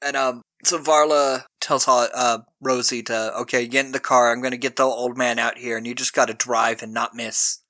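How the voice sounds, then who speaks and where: A man's voice: mid-range voice, little pitch movement, normal speed, few pauses, bright, forceful tone, no echo. A young man co-hosting a podcast, retelling a film's plot in casual chat and acting out the characters' lines. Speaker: podcast co-host. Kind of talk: casual movie recap chat.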